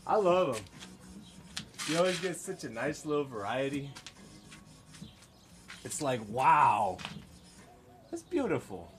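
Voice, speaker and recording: A man's voice: fairly high pitch, very animated, normal speed. A man from the United States chatting casually with viewers on a livestream while he works on craft pieces outdoors, joking and laughing often. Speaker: livestreamer making stone-look art.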